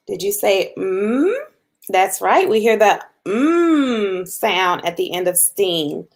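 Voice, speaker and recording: A woman teaching a phonics lesson to young children, patient and encouraging, sounding out letters slowly. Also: mid-range voice, expressive. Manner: slow, patient, drawn-out sounds with encouraging praise.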